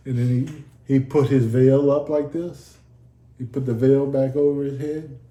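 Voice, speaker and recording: A man's voice: medium pitch, steady tone, a little slow, warm tone. Earnest man telling a story, echoey room. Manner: earnest storytelling, acts out quoted dialogue. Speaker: guest telling his near-death story. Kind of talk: casual sit-down testimony.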